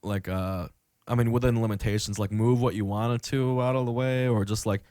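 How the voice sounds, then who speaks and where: A man's voice: on the low side, fairly even intonation, moderate pace, a little mellow, no room sound, studio quality. A young man hosting a podcast, telling a rambling, profane story full of fillers. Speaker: podcast host. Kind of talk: casual chat.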